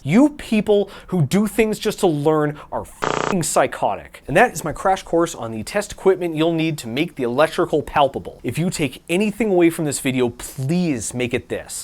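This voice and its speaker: A man hosting a maker channel, talking with irreverent, deadpan humor and reading out a long list of supporter names. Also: fairly high pitch. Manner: irreverent, deadpan jokes, rapid name list. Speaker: YouTube maker host. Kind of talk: sarcastic tech talk and patron shout-outs.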